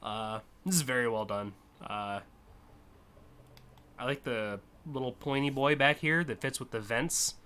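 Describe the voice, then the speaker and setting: A man's voice: mid-range voice, unhurried, sharp tone, clear, resonant tone. A man streaming live, casually and enthusiastically judging car designs, with frequent fillers and swearing.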